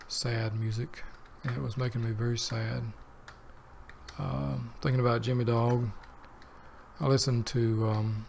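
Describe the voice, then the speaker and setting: A man's voice: mid-range voice, gravelly, a little hiss or hum. A man hosting a let's play, chatting casually to himself as he plays and drifting between the game and personal tangents. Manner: rambling, talks to himself while playing. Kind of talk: casual gameplay commentary.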